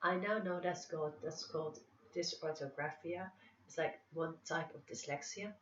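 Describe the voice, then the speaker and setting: A woman's voice: deep voice, normal speed, slight background noise. Chatty woman in a roomy echo. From Netherlands. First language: Dutch. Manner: chatty, self-mocking. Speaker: vlogger. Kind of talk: casual chat. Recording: roomy, distant, dull sound.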